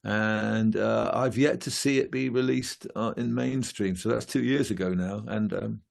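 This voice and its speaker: Low male musician, casual interview guest, rambling with fillers. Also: steady tone, measured pace, creaky. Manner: rambling, many fillers and restarts.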